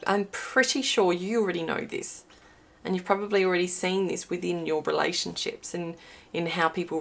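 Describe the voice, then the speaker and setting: A woman's voice: mid-range voice, gravelly. A woman giving a pick-a-card reading to viewers, chatty and thinking aloud as she pulls cards while filming herself. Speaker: intuitive card reader. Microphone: filming herself while watching a small screen.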